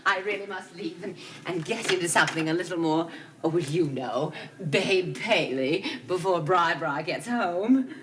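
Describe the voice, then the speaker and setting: A woman's voice: on the low side, normal speed, noisy background, natural voice. An actress playing an affected, theatrical rich young woman in a 1970s TV soap opera, gushing as she talks.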